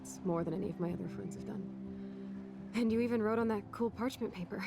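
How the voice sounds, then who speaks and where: A woman's voice: mid-range voice, fast talker, vocal fry, background noise, close to an everyday voice. An actress voicing a blunt, wry young woman in a video game, talking in a frank, sardonic way. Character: blunt, wry young woman, teenage girl's best friend.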